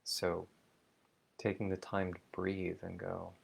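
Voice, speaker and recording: A man talking slowly and thoughtfully in a personal video diary, musing aloud with many fillers and restarts. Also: deep voice, completely flat delivery, vocal fry, slight background noise. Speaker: vlogger. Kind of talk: reflective spoken diary.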